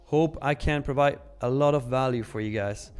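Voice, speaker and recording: A man hosts a live stream in a loose, joking way, reading chat messages aloud as he talks. His voice sits at an ordinary mid pitch. Faint music plays underneath. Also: moderate pace, a little mellow, clear, resonant tone. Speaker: live trading stream host.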